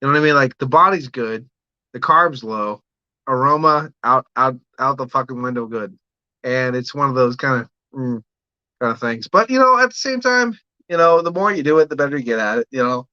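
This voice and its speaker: A man rambles through a casual livestream, swearing freely and answering viewers as he talks about brewing. His voice is bright and forceful. The sound is dry and a little dull, like lo-fi home stream audio. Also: medium pitch, a little fast, clear, resonant tone, no echo. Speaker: livestream host, home brewer. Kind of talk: casual livestream chat reading comments.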